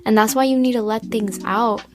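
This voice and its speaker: Earnest nineteen-year-old woman, higher voice. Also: steady tone, brisk. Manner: earnest, heavy use of "like", drops into soft whispers. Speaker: self-help vlogger. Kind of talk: casual advice vlog.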